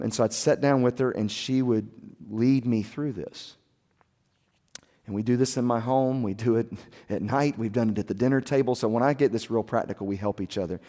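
Soft-spoken pastor man in a reverberant hall. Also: mid-range voice. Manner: earnest, confessional storytelling. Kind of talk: sermon.

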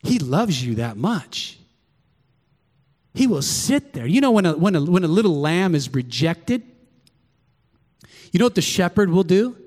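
A middle-aged man preaching a sermon as pastor in a church, swinging from excited shouts to hushed, intimate prayer. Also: sits high, measured pace, long pauses, in a large hall. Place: church sanctuary.

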